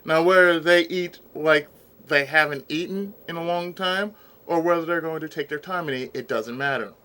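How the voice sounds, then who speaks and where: Ranting in exasperation on his vlog, a man occasionally eats mid-sentence during this casual commentary. His pitch is fairly high, his tone sharp, his speed normal.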